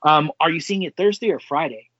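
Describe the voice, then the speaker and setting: An excitable man co-hosting a casual podcast, swearing freely and tripping over fillers. His voice sits a bit higher than most men's. The sound is dull and lo-fi in a dry, dead space. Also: brisk, dry recording. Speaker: podcast co-host. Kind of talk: casual chat.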